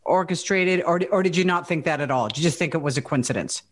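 A man's voice: fairly high pitch, quick pace, crowd noise. A man hosting an interview, engaged and asking probing follow-up questions. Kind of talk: casual interview.

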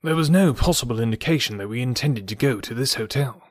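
A man reading aloud and voicing an excitable, earnest country doctor in a raised, eager voice. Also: fast talker, no room sound, clean studio sound, natural voice. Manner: eager, astonished, higher and brighter than the narration.

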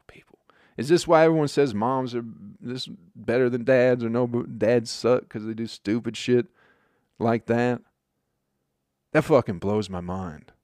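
A man rambling through a crude comedic monologue as a show host, swearing freely and dropping deadpan asides. His voice sits in a middle register. The sound is dry and close, with no room echo. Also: medium pitch. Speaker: podcast host.

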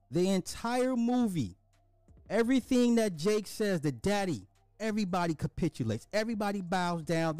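Male film reviewer, emphatic and repetitive, slightly high pitch, dry close sound. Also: dark tone, no echo. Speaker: movie reviewer. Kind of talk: casual film recap.

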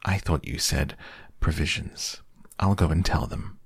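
A man voicing a simple, cheerful little bear who speaks softly and hesitantly, in a storybook reading. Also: very deep voice, unhurried, creaky, husky, dry recording, clean studio sound, full character voice. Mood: mild.

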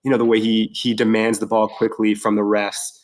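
Rambling, excitable man chatting casually. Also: fairly low pitch, fairly quick. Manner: excited, rambling with many fillers and restarts. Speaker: podcast guest. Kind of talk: casual chat.

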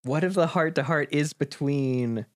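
A man improvising a comic holiday story, animated and laughing often. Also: on the high side, a little slow.

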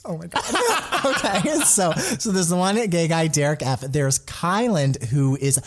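Chatty gay podcast host, higher voice. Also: male voice, animated, unhurried, heavy background noise. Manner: chatty, playful, gossipy. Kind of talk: casual chat.

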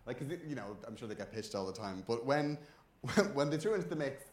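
A man's voice: medium pitch, animated, fast, roomy sound. A man hosting a casual chat, chuckling and rambling through his questions. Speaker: host.

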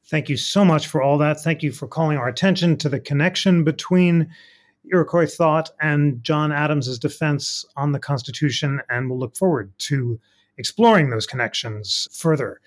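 A man's voice: a little high, moderate pace. A man moderating a panel, thanking a guest and putting long, carefully framed questions.

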